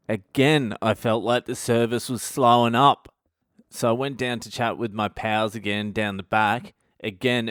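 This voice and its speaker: Australian comedian, male, raunchy story monologue, smooth clear voice, dry close sound. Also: fairly low pitch, no echo. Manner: crude, animated, swears often. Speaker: comedian podcast host.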